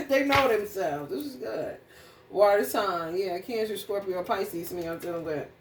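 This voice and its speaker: A woman's voice: medium pitch, lively intonation, unhurried. Blunt, profane woman in an echoey room. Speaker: astrology reader. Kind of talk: casual spiritual reading and rant. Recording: echoey room, distant mic, faint noise.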